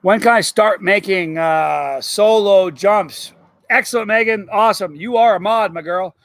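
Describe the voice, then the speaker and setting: A middle-aged man hosting a casual live stream, rambling through stories and chatting with viewers in an animated way. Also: sits high, unhurried, creaky, no echo.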